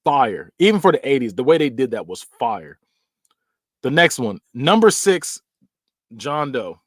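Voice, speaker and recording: Man, podcast host, lively up-and-down voice, dry close sound, acts out scenes. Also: medium pitch, dry recording. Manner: animated storytelling, acts out scenes with quick sound effects and laughs. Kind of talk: casual horror movie recap.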